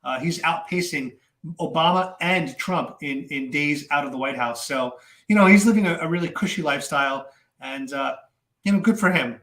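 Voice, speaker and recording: A man giving casual political commentary to his viewers, animated and chatty with many fillers and repeats. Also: on the high side, moderate pace, echoey room.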